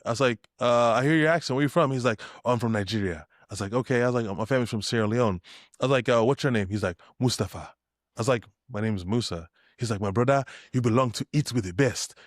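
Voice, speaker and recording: A man's voice: mid-range voice, no echo, clean studio sound. A young man, a podcast guest, telling stories with spirit and acting out the lines of people in them. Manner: acts out dialogue in shifted voices, spirited. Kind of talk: animated storytelling.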